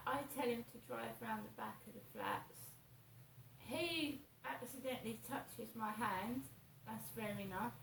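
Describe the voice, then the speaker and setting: A woman, rambling through a slow, repetitive story about her morning while she vlogs in her flat. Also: on the high side, gravelly, reverberant, distant mic, a little hiss or hum, rough recording. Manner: slow, repetitive, anxious retelling. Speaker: vlogger.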